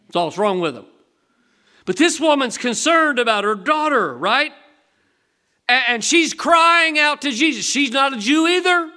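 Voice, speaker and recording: A man's voice: sits high, bright, forceful tone. An older man preaching a sermon in a folksy, conversational way, asking the congregation rhetorical questions. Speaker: pastor.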